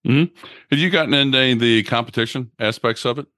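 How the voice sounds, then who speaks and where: A man's voice: mid-range voice, fast talker, sharp tone, no echo, studio quality. A man hosting a podcast, conversational and explanatory. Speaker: podcast host. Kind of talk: podcast interview.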